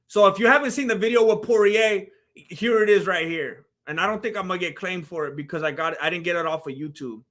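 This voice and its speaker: A young man with a high-pitched, fast voice chats casually on a live stream, commenting on a fight video. He's an animated storyteller, voicing and acting out the people in the clip.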